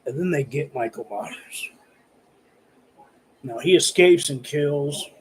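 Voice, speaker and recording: A man's voice: fairly high pitch, takes it slowly, slight background noise, low-quality recording. A man ranting casually to camera about horror movies, swearing often and rambling with lots of fillers. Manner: heavily profane, rambling, filler-laden. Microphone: camera recording himself.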